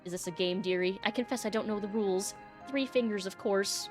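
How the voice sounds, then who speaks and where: A woman's voice: mid-range voice, fairly quick, music in the background, close to an everyday voice. A woman voicing a prim, cagey middle-aged librarian in a game, sweetly polite and calling people dearie. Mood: sweetly evasive. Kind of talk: reading game dialogue aloud.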